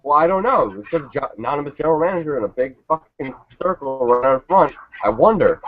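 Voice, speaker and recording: A man's voice: mid-range voice, lively intonation, fast talker, no room sound. A man on a casual review panel, ranting with profanity and sarcasm. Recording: tinny phone-like line, dry.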